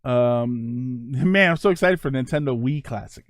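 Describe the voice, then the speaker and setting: A man's voice: mid-range voice, lively intonation, unhurried, few pauses, no room sound, studio quality. A man in his forties hosting a casual livestream chat, rambling and enthusiastic, laughing often. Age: 40s. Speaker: streamer and host.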